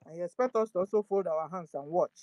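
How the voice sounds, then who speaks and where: A woman's voice: lowish voice, fast talker, dark tone. A woman with a Nigerian accent hosting her own channel, pleading in impassioned commentary full of rhetorical questions and lines in Igbo. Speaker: channel host.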